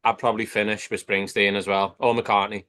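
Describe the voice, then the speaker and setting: A man on a fan podcast panel who talks in a blunt, sweary way. His voice is on the low side and smoothly resonant, and he sounds at ease in the casual chat. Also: level tone, brisk, sharp tone.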